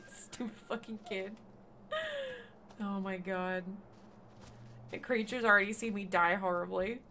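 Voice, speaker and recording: A woman's voice: mid-range voice, a bit bright, slight background noise. A woman streamer giving casual commentary as she plays a game, swearing freely and bursting into laughs and shrieks of surprise.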